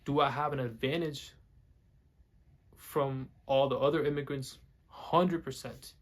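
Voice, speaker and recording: A man's voice: mid-range voice, fairly even intonation, unhurried. A man vlogging to camera in casual talk, repeating his points and restarting sentences, with a nervous stutter. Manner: repeats himself, restarts and corrects his words.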